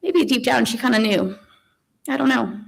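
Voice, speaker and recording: A middle-aged woman, the mother, giving a eulogy at a memorial service. She talks in a conversational, halting way, with many ums and restarts, and soft tearful laughs between memories. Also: a little high, lively intonation, creaky, poor audio.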